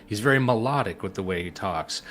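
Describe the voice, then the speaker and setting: A man's voice: lowish voice, lively intonation, a little fast, fairly bright tone. A man co-hosting a live stream in casual talk, sarcastic and profane, breaking into laughs.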